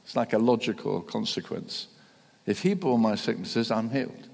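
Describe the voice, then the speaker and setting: A man preaching a sermon, halting and restarting often, then building to fervent emphasis. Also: on the low side, creaky, a little mellow. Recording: long reverb in a large hall.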